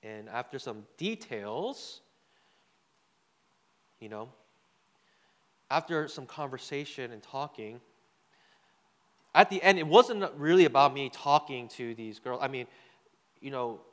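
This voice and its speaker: A man's voice: medium pitch, lively intonation, slow, pauses often, fairly bright tone. A man giving a sermon with a personal story, talking loosely and conversationally, repeating words and asking the crowd "right?" as he goes. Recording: long hall reverb.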